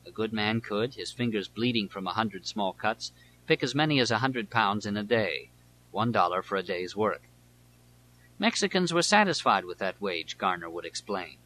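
A man with a lowish voice narrates a nonfiction audiobook in a measured, deliberate read. His tone is bright and pressing, with a forceful edge. A faint hum sits under the recording. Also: rough recording.

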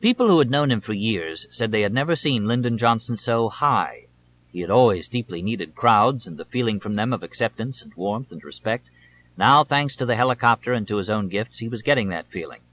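A man narrating an audiobook in a measured, steady reading style, in a slightly dull audiobook recording. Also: fairly low pitch. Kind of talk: scripted narration.

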